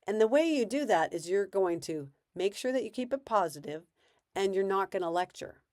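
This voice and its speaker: A woman's voice: medium pitch, expressive, normal speed, darkish tone, dry recording, clean studio sound. A woman parenting coach giving casual advice in a conversational way, acting out bits of parent and child dialogue.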